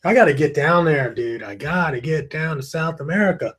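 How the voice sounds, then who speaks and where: A man's voice: fairly high pitch, lively intonation, brisk, a bit bright, breathy edge. A tired man hosts a live webinar from his webcam. His talk is loose and rambling, and he greets viewers by name. He stifles yawns as he goes. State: tired, yawning. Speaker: online course host. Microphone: webcam with screen beside it.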